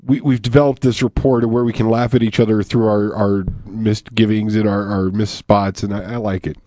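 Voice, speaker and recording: A man's voice: fairly low pitch, flat delivery, a little fast, dark tone, dry recording. A man hosting a radio poetry open mic in a studio, reading poems and laughing easily with his co-host.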